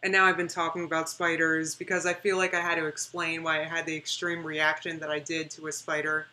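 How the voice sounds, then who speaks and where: Bright-voiced chatty woman streamer. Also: sits low, little pitch movement, a little fast, a little hiss or hum. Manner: chatty and emphatic, repeating words for stress. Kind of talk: casual reaction livestream chat.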